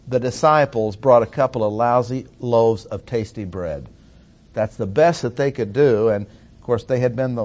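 Slow, deliberate male Bible teacher. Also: medium pitch, darkish tone. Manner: slow, deliberate, stresses key words. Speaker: preacher.

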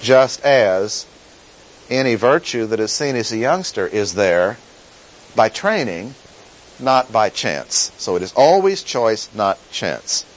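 A man teaching through a Bible passage in a sermon, deliberate and emphatic, repeating key phrases. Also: on the low side, very animated, low-quality recording. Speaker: pastor teaching.

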